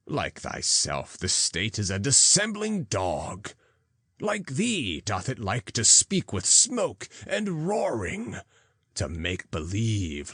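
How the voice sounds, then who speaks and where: A man's voice: lowish voice, fairly bright tone, dry recording, full character voice. A man reading as a solemn prophet, declaiming in archaic English. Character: solemn prophet speaking in parables.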